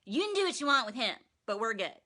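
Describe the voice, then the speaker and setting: Woman doing a shifty guy swearing he's innocent, bright and quick. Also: fairly high pitch, sing-song. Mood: evasive. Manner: fast, wheedling, evasive. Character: shifty man denying everything, wheedling.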